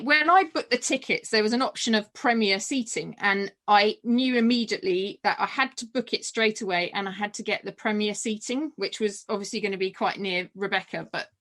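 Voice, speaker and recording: A middle-aged woman telling a personal story in casual chat, full of fillers and restarts. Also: mid-range voice. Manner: chatty, animated, many fillers and restarts. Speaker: podcast guest.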